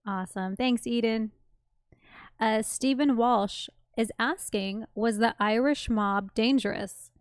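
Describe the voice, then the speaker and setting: Smooth-voiced woman reading viewer questions. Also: a little high, slow pace, dry recording, studio quality. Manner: upbeat, teasing, reads super chats aloud. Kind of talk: live Q&A hosting.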